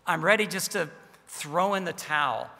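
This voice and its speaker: A man's voice: fairly high pitch, lively intonation, moderate pace, gravelly, bright, forceful tone, long reverb tail, heavily acted. A man voicing a frightened, exhausted little boy, in a raised, pleading tone. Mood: anxious, weary.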